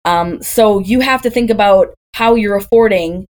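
A woman's voice: medium pitch, moderate pace, a little mellow. A woman in her thirties from Wisconsin, a doula guest on a podcast, talking in a chatty way full of stories and rhetorical questions. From Green Bay, Wisconsin, USA. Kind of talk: casual podcast conversation.

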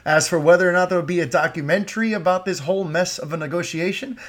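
A young man hosts his own podcast alone, talking with real passion and drifting into tangents as he works through listener questions. His voice sits a little higher than most men's, and he keeps the energy up, pushing his points hard. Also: fast. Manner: passionate, animated, rambling with tangents. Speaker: podcast host. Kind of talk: solo podcast monologue.

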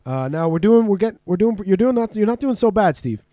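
A man with a high voice runs a casual podcast quiz. He laughs a lot, swears freely and teases his guest. The sound is dry and close. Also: animated, quick pace, dark tone, no room sound. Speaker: podcast host. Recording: remote podcast call.

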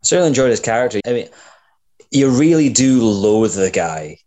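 A man co-hosting a podcast, chatting in an animated, colloquial, blunt way. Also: mid-range voice, moderate pace. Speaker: podcast co-host. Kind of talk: casual chat.

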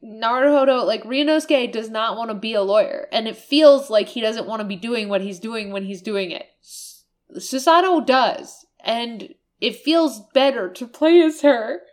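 Laughing woman, bright higher voice. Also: normal speed. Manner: energetic, laughing, emphatic asides. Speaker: podcast co-host. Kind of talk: casual chat.

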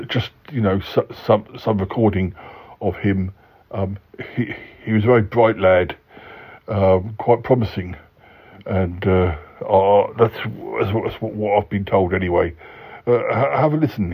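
A man's voice: lowish voice, breathy edge, heavily acted. A man voicing a timid, fussy yeti uncle who stammers and dithers through every sentence. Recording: dull lo-fi recording.

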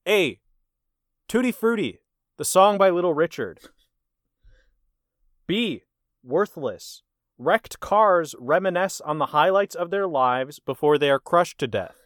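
A man hosting a casual movie quiz. He reads the answer options deliberately and teases his guest. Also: a little high, lively intonation, a bit bright, no room sound, clean studio sound. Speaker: quiz host. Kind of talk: casual podcast chat.

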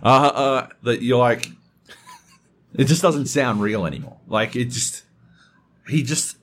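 A man's voice: mid-range voice, slow, slight background noise. A man hosting a podcast in casual chat, swearing constantly and getting worked up as he tells a story. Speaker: podcast host.

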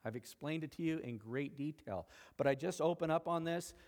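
A middle-aged man, a pastor, preaching a sermon in a chatty way, now and then rising sharply in pitch and loudness. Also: moderate pace, in a large hall. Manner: conversational preaching with sudden rises in pitch and volume.

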